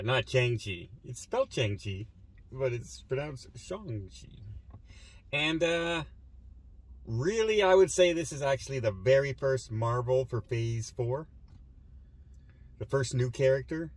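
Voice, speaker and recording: A man's voice: medium pitch, lively intonation, measured pace, pauses often. A man hosting a movie review show, chatting casually and with animation about a film he just saw.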